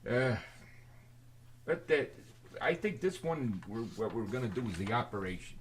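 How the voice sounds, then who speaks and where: An older man telling a rambling personal story to his camera, halting and forgetful, with many restarts and fillers. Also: mid-range voice, sing-song, a little hiss or hum. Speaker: video storyteller.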